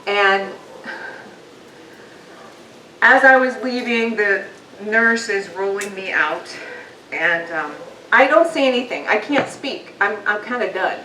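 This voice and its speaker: A woman's voice: medium pitch, a little slow, bright, forceful tone. Candid woman speaking in a roomy hall. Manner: candid, conversational, frequent fillers. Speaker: guest speaker. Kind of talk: personal motivational talk. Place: meeting hall with a live audience. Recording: roomy, distant, faint noise.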